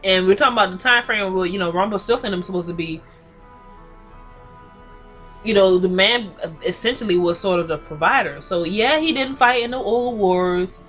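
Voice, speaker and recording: A woman's voice: medium pitch, normal speed, a bit bright, faint music behind. Sassy, profane woman recapping a TV episode. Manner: blunt, profane, sassy commentary. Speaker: TV recap reviewer. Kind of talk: casual episode recap and rant.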